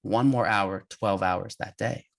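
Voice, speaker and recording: A man in his thirties, a guest telling an adventure story in an interview, animated and laughing as he goes. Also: fairly low pitch, measured pace, vocal fry. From United States.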